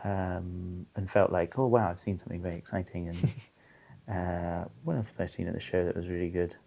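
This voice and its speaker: A man with a fairly low voice, a stand-up comedian talking as a podcast guest. He chats loosely, full of fillers and restarts, and keeps nodding along with quick agreement. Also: steady tone, vocal fry, warm tone. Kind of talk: casual chat.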